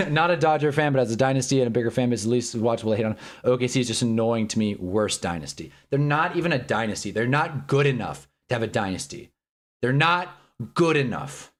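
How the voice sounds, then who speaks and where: A man giving a frustrated, sarcastic reaction to a basketball loss, swinging into loud mock outrage now and then, from a home streaming setup. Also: medium pitch, quick pace. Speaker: sports fan streamer.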